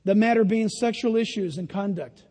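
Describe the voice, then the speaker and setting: Older male preacher, high-pitched, emphatic, jokey asides; sermon in a reverberant church hall. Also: moderate pace, dark tone. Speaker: pastor. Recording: long reverb of a large hall.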